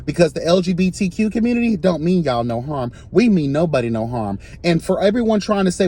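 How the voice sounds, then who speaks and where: A man giving an impassioned, sassy commentary rant, swinging between soft asides and loud emphatic outbursts. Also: fairly high pitch, big pitch swings, brisk, hardly any pauses.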